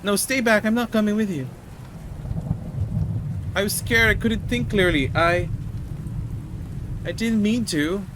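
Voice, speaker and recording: A man's voice: high voice, a little slow, long pauses, noisy background, voice pushed up. A man voicing a distraught sixteen-year-old boy who shot someone, reading his lines aloud in a pleading, breaking tone. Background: game music and rain.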